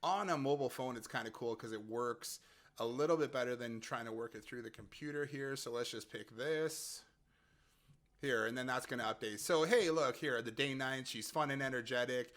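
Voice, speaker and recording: A man talks through a casual explainer in a chatty, easygoing way. He laughs often and restarts his phrases as he goes. His voice is bright and forceful and sits at an ordinary pitch. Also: normal speed. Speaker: app creator and host.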